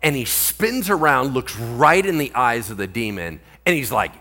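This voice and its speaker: A man's voice: mid-range voice, moderate pace, hardly any pauses. A male pastor preaching a casual, conversational sermon, acting out scenes as he goes. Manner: animated, conversational, acts out scenes.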